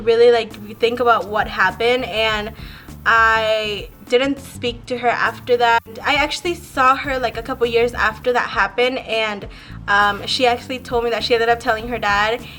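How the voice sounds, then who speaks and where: A young woman rambles through a story for her vlog, swearing freely and filling every gap with "like". Her voice sits high and sounds bright and sharp, with soft music faintly underneath. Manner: rambling, profane, heavy use of "like". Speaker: vlogger.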